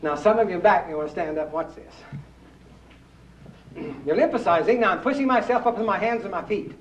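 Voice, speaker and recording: A high-voiced man leads a live exercise demonstration, coaxing his audience along and quizzing them. He sounds far from the mic in an echoey room, on a dull, muffled old recording with faint noise underneath. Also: brisk. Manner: folksy, coaxing, asks the audience true or false. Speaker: rebounding exercise instructor.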